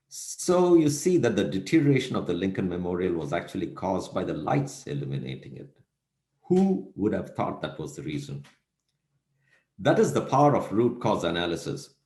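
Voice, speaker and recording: A male lecturer with a low, darkish voice tells a story in a recorded lecture, his pitch rising and falling a lot. He keeps posing rhetorical questions to his listeners, and the room rings a little with echo.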